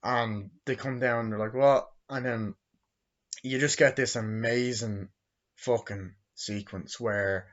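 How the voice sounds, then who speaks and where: A young man in his twenties giving a rambling, profane movie review, acting out quotes in silly high voices. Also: steady tone, takes it slowly, a bit bright, muffled recording. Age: 20s.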